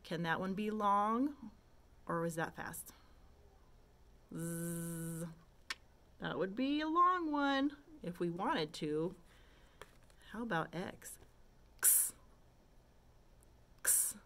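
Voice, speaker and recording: A woman talks young children through letter sounds at an unhurried pace, stretching vowels and tapping out quick consonants. Her voice is bright and ringing, and she checks in with gentle questions. She has a patient, classroom manner. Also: medium pitch, big pitch swings, slight background noise. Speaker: kindergarten teacher. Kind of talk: slow, patient phonics lesson for young children.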